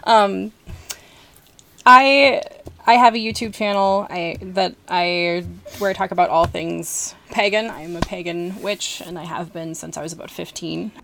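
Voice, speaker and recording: A woman's voice: on the low side, steady tone, unhurried, creaky, sharp tone, a little hiss or hum. A woman in her thirties, a podcast guest chatting casually and laughing often as she rambles. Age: 30s. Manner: giggly, rambling. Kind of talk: casual chat.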